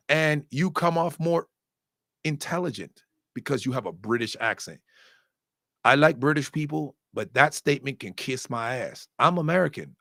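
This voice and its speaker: A man giving casual, opinionated commentary on boxing, animated, profane and joking, with sudden loud outbursts. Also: on the high side, creaky, no echo, clean studio sound.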